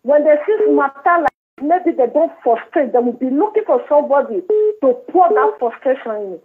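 A woman's voice: sits high, lively intonation, moderate pace. A Nigerian woman caller, calling in to a live show to reassure the host earnestly. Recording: tinny phone line.

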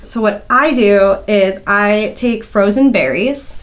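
A woman's voice: mid-range voice, takes it slowly. A woman co-hosting a casual podcast, enthusiastic and giggly. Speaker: podcast co-host.

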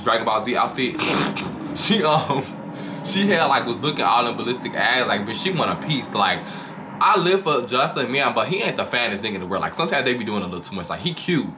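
A man's voice: mid-range voice, sing-song, brisk. A man hosting his own channel, recapping a reality show in casual, profane, gossipy commentary with dramatic flair. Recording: noticeable background noise.

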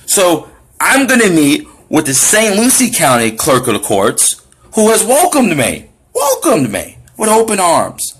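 A Florida man with a slightly raised, husky voice rants to his viewers, his pitch swinging widely as he gets worked up. He jumps from indignation to sarcasm in a loose, off-the-cuff delivery. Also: a little slow. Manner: animated, indignant, sarcastic asides. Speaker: activist vlogger. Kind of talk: casual monologue to camera.

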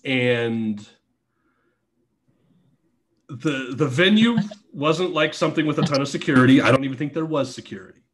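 A man guesting on a podcast, telling a story in a casual, animated way, with lots of swearing and acted-out quotes. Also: mid-range voice, fairly quick. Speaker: podcast guest, former wrestler.

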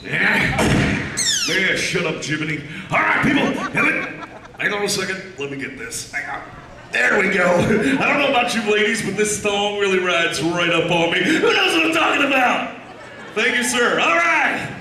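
A man's voice: high voice, sing-song, normal speed, heavily acted. An actor playing a crude, wisecracking male ghost showman who works a live theme park crowd with brash, sleazy jokes. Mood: flirty, teasing. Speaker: live show emcee. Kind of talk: live stage comedy, crowd work. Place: theme park stage show. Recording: echoey, distant crowd-camera recording with loud music.

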